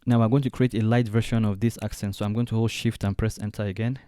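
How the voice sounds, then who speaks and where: A man walking through a design software tutorial step by step, thinking aloud as he clicks along. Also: on the low side, flat delivery, fast talker, clear, resonant tone, no echo. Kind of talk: screen-recorded software tutorial.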